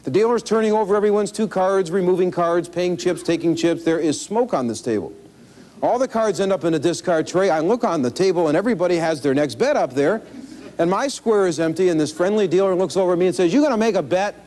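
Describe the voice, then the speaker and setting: A man teaching card counting in an instructional video, talking in a folksy, animated way with self-deprecating humor. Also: high-pitched, quick pace. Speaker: blackjack instructor. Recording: 1980s VHS instructional tape.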